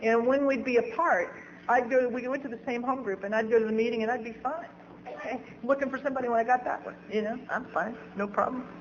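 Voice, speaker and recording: A woman's voice: fairly high pitch, fairly even intonation, fast talker, muffled recording, slight background noise. A woman speaking at a recovery meeting, telling her own story candidly and laughing at herself. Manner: candid, self-mocking, laughs at own stories. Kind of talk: personal storytelling talk.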